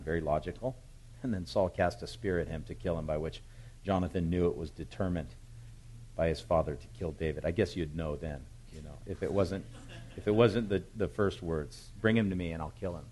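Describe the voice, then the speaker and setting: A man preaching a sermon, retelling a Bible story with animated, emphatic storytelling. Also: sits low, a little fast, a little hiss or hum, low-quality recording. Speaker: pastor.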